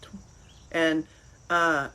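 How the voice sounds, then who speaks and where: A middle-aged woman hosts a podcast in a loose, rambling way, jumping between animated stories. Her voice sits a little low, with a faint hiss of noise behind it. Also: drawn-out words. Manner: rambling, animated storytelling with laughs. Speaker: podcast host. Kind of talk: casual chat.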